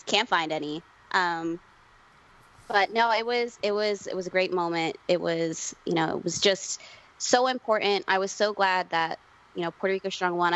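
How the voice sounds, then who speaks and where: A woman telling a story in casual chat, now and then putting on her mother's voice. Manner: animated, acts out her mother in a higher voice. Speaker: comics writer, guest. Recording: dull lo-fi sound.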